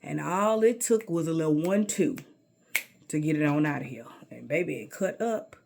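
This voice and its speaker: A woman's voice: deep voice, expressive, moderate pace, vocal fry, darkish tone, slight background noise. A middle-aged woman telling a personal story in a sassy, emphatic way, often calling the listener baby.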